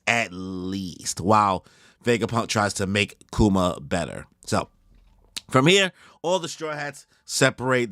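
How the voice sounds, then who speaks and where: Excitable man with a lively voice. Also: mid-range voice, no echo, clean studio sound. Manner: slangy, excitable, goes off on tangents. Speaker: manga reaction host. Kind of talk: casual live reaction commentary.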